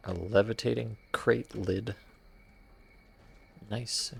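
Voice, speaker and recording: A male streamer with a gravelly, husky voice and a fairly low pitch. He talks casually to his chat while exploring, with a wry, playful edge. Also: fairly even intonation, slow, a bit bright. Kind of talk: casual gameplay commentary.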